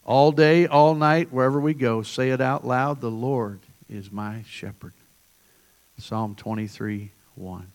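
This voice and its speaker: A man pastor preaching a sermon, building emphatic repeated refrains and then praying softly. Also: medium pitch, a little slow.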